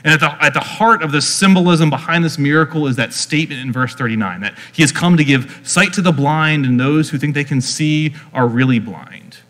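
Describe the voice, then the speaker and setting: A man gives a relaxed teaching sermon, talking the way he would in conversation and dropping in lots of fillers. His voice sits a little higher than most men's. Long reverb trails each phrase, as in a large hall. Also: fairly quick, few pauses. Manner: conversational, chatty, leans on "like" fillers. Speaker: preacher.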